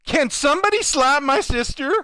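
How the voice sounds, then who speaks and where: A man chatting casually on a live stream, telling a work story with lively swings between loud and soft and acting out the people in it. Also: extremely high pitch, moderate pace, dry recording.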